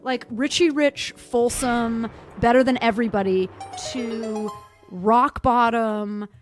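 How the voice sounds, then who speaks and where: Higher-voiced woman telling a gossipy story. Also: fairly even intonation, takes it slowly, soft background music. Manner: rambling, gossipy storyteller with blunt dark humor. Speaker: let's play co-host. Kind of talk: casual chat over gameplay.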